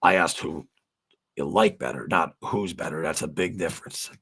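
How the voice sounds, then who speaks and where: A man's voice: low voice, fairly even intonation, moderate pace, creaky, sharp tone, slightly rough. A middle-aged man hosting a livestream, chatting loosely with viewers, rambling with lots of fillers and swearing freely. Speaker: livestream host. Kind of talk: casual livestream chat with viewers.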